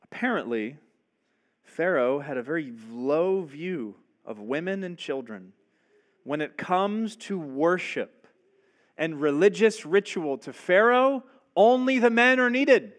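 Male pastor, sermon, conversational; high-pitched, measured pace. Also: lively intonation. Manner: conversational, asks rhetorical questions.

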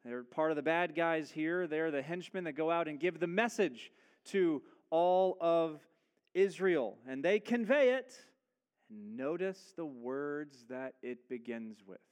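A man's voice: fairly high pitch, lively intonation, measured pace, clear, resonant tone. A man preaching a sermon, speaking emphatically and asking rhetorical questions as he builds his points.

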